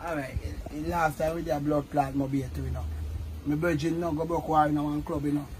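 A young man with a Jamaican accent telling animated stories in casual chat, laughing often, recorded on a phone. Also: fairly high pitch, fairly quick. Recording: noisy phone video recording.

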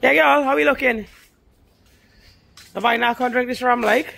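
A woman's voice: sits high, measured pace, vocal fry, a bit bright. A woman with a Guyanese Creole accent, chatting casually to her viewers while cooking at a backyard cookout and coaxing a small child. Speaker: vlogger cooking for guests. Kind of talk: casual cooking vlog chat.

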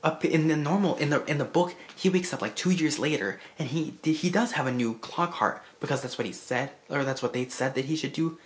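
A vlogger casually recapping a film in an effusive, rambling way, full of restarts and asides, clearly moved by the story. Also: medium pitch, a little fast, hardly any pauses. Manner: emotional about the story.

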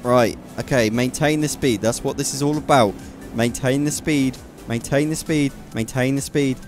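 A young man commentating his driving game, muttering to himself and then yelling and shrieking loudly at near misses. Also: medium pitch, normal speed, faint music behind. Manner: swings from quiet muttering to shrieking yells. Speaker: gaming YouTuber. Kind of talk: excitable gameplay commentary.

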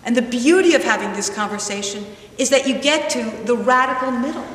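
A woman's voice: on the high side, lively intonation. Emphatic woman speaking in an echoey hall. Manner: emphatic, slows down to stress points, laughs at her own story. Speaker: guest speaker, former candidate. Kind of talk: public speech with anecdote. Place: large hall with an audience. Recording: echoey hall from far off, faint noise.

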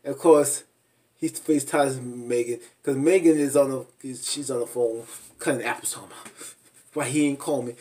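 A man recapping a reality show in a casual vlog, animated and laughing, mimicking people with high squeals. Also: recorded from a distance. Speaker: reality TV reviewer.

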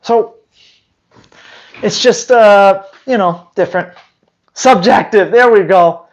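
A man's voice: high-pitched, slow, highs cut off. Blunt, teasing man answering viewers live. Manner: blunt, rhetorical questions, teasing. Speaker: dog trainer and channel host. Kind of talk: live Q&A, reading viewer questions.

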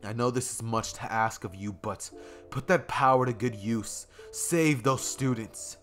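A weary older hero speaks low and solemn, firm but gentle, as a man narrating a fan story puts him on. The voice sits in an ordinary male range, only a little lower than his storytelling tone. Faint music plays underneath. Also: a little slow, close to an everyday voice. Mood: resolute.

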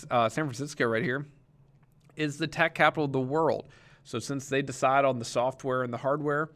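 Guy teacher walking through a lesson, mid pitch, lots of ums and restarts, chatty. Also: fairly bright tone. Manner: explanatory, conversational, with frequent fillers and restarts. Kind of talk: recorded classroom lecture.

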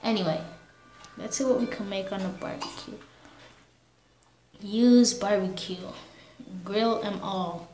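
A woman's voice: mid-range voice, measured pace, long pauses, a little mellow, roomy sound, slight background noise, poor audio. Slangy woman chatting over a game. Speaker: gamer. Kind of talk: casual game commentary.

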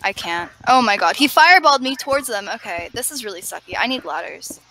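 A woman's voice: fairly high pitch, expressive, pushed and bright, rough recording. A woman hosting a gaming video, chatting casually and playfully while calling out plays. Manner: playful, giving quick game calls. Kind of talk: casual gameplay chat.

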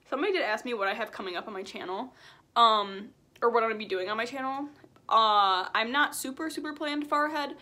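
A woman's voice: on the high side, pushed and bright. A young woman from Illinois talking casually to her channel from home, chatty and upbeat as she eats lunch. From Wilmington, Illinois, USA. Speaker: vlogger. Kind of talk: casual chat while eating. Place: at home, indoors.

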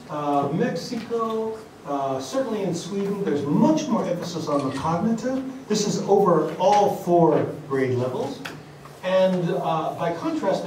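Male conference lecturer, slightly high voice, deliberate delivery with fillers, recorded from a distance in a reverberant hall. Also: background noise. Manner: deliberate, with frequent fillers and restarts. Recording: echoey hall, mic at a distance, faint ambience.

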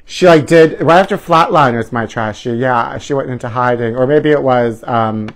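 A man's voice: mid-range voice, moderate pace. A man hosting a live celebrity gossip stream. He talks in a campy, theatrical way, calls viewers honey and trashy, and swoops up into mock outrage.

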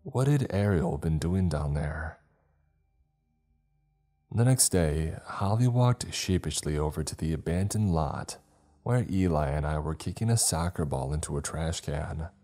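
A man narrating a scripted horror story in a slow, ominous manner. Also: extremely low pitch, mellow, soft background music.

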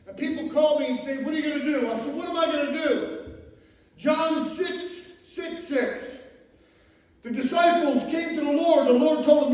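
A male pastor preaching a sermon, swinging from low, quick storytelling into shouted, half-sung cadences. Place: church sanctuary. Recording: echoey hall, mic far off.

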